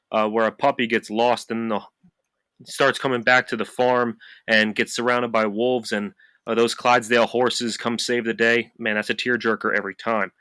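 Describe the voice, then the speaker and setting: Guy cohosting a podcast, bright forceful voice, dry close mic, chatty and rambly. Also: mid-range voice, dry recording. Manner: upbeat, rambling with fillers. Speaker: podcast co-host. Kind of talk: casual chat.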